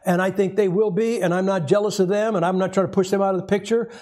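High-voiced folksy male preacher. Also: steady tone, fast, darkish tone. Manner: folksy, conversational, acts out quotes with rising pitch. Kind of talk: sermon.

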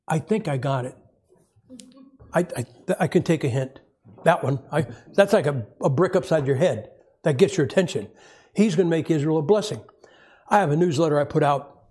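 A man preaching a sermon in a folksy, conversational way, acting out quoted voices and asking the congregation questions. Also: dark tone. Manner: folksy, conversational, acts out quotes with rising pitch.

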